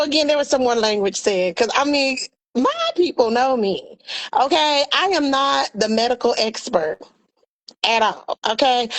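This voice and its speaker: A woman co-hosting a talk show, telling a family story in a lively, casual way and acting out her relatives' voices. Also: high voice, poor audio. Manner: animated, acts out family members' voices. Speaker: podcast co-host.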